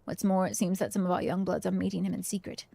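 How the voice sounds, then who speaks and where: A woman voicing a gruff, wary older male rebel mentor with a guarded, curt manner. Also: on the low side, fairly even intonation, quick pace, warm tone, dry recording.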